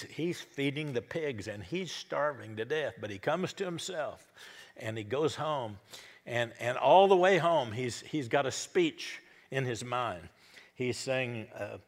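A middle-aged pastor delivers a sermon in a folksy, storytelling way and acts out the characters as he goes. His voice sits at a middle pitch. Long reverb trails each phrase through the church. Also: animated, unhurried.

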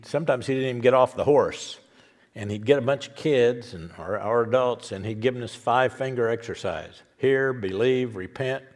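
An older man preaching a sermon, folksy and repetitive with frequent restarts. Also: on the low side. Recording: reverberant church hall.

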